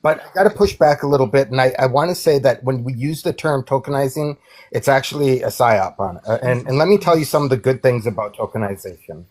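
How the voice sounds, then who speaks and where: Man caller, earnest, halting, mid pitch. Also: lively intonation. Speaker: caller in a debate. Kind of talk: casual live debate.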